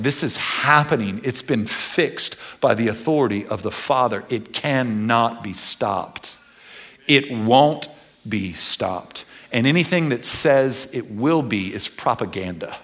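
A man preaching a sermon with passion. He swings from loud bursts to quiet, low stretches and repeats phrases for emphasis. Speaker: pastor.

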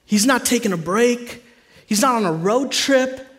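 A pastor delivering an animated, conversational sermon to his congregation. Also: very high-pitched, a little slow.

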